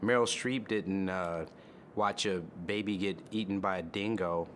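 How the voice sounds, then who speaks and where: A man's voice: low-pitched, measured pace, fairly bright tone, slight background noise. A man, an actor, speaking in a dry, dismissive way.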